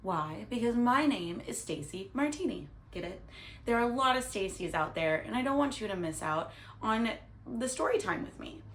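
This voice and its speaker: High, lively woman reading to kids. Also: moderate pace, slight background noise. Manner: friendly, addresses kids directly. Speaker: children's story reader. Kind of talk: read-aloud for kids.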